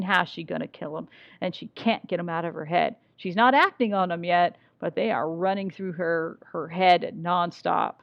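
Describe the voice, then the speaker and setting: A woman teaching a literature lesson, talking in a casual way and asking rhetorical questions. Her voice sits low with a gravelly fry. The recording is dry and slightly muffled. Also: normal speed, no room sound. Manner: conversational, asks rhetorical questions, reads passages aloud. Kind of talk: recorded class lecture with read-aloud passages.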